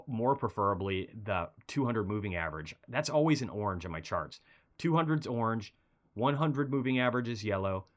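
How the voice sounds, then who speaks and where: A man hosting a casual market commentary stream, talking through charts in a rambling, conversational way while feeling a bit unwell. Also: on the low side. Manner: conversational, rambling, animated bursts of excitement. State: feeling unwell, low energy.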